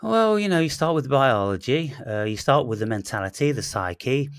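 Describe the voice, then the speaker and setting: Halting, rambling man with a dry close sound. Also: mid-range voice, expressive, clean tone, dry recording. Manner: rambling, halting with many restarts and fillers; blunt, swears freely. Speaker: channel host. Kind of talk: casual philosophical chat.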